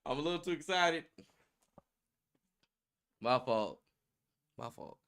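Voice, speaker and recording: Young male streamer, high and bright, excitable, profane casual banter. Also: slow, vocal fry, clear, resonant tone. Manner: hyped, slangy, profane, laughing often. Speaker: livestream host. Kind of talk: casual livestream chat.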